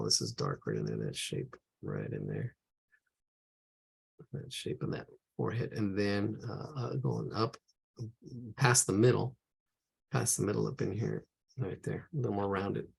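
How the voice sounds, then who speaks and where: Gravelly, husky-voiced man teaching drawing. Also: lowish voice, a little mellow. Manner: thinks aloud, rambling. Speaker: art instructor. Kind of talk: live drawing lesson.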